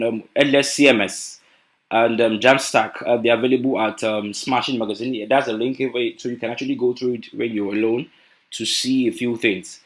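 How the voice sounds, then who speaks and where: Nigerian-accented male tech speaker, hesitant, filler-heavy delivery. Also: mid-range voice. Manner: hesitant, many fillers and restarts. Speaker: conference speaker. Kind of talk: conference talk.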